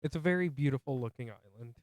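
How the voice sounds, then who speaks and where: A man's voice: medium pitch, fast, no room sound, clean studio sound. A man co-hosting a movie podcast, casually retelling the plot with jokey asides. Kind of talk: casual film recap chat.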